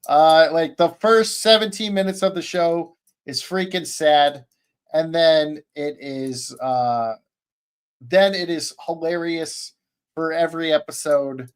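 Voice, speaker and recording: A man's voice: fairly high pitch, slow, clear, resonant tone. A man co-hosting a podcast, chatting bluntly and eagerly about anime, swearing freely. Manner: enthusiastic, profane, blunt. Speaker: podcast co-host. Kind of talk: casual chat about anime.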